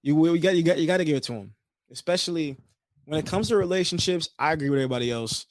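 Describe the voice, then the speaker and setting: A man's voice: a little high, quick pace, no echo. A man co-hosting a podcast in casual chat, rambling and restarting his phrases as he looks for words. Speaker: podcast co-host.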